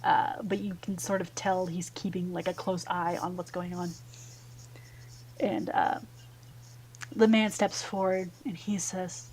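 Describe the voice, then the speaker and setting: A woman narrating a tabletop fantasy game as game master, relaxed with many fillers. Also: fairly low pitch, a little slow, pauses often, a little hiss or hum, poor audio.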